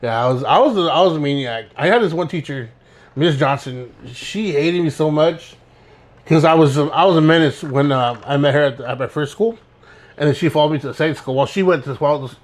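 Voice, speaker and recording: A young man co-hosting a podcast, telling rambling, laid-back stories and laughing as he goes. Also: fairly high pitch. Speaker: podcast co-host. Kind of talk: casual storytelling chat.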